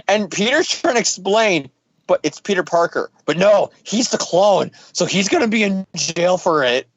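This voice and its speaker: A man's voice: sits high, lively intonation, normal speed, lo-fi sound. A man casually recapping a comic book story, rambling and joking while acting out the characters' lines. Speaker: podcast host.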